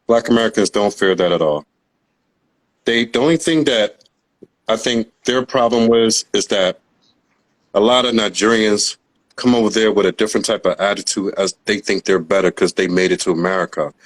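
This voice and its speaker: A man with a fairly low voice leads a relaxed live discussion. He talks it through in an easygoing, conversational way. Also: normal speed, long pauses. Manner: conversational, mimics others in a high voice. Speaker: host. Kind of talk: casual discussion on a live stream.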